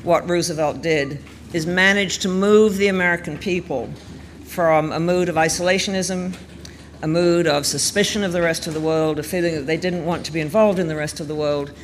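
A man giving a thoughtful, conversational talk on history, explaining events in a measured, storytelling way. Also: fairly high pitch, fairly even intonation. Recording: reverberant room with faint background noise.

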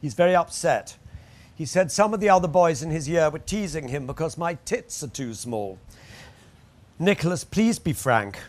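A man voicing a candid princess in a hushed, low tone while reading his memoir aloud. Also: expressive, normal speed, natural voice. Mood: confiding. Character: a royal princess, candid and confiding, speaking softly.

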